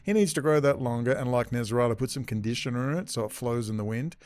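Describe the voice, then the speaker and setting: Man, sarcastic host, ranting commentary, mid pitch, swearing. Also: quick pace, darkish tone, no room sound. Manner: sarcastic, swearing, mock-frightened asides. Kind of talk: ranting commentary over news clips.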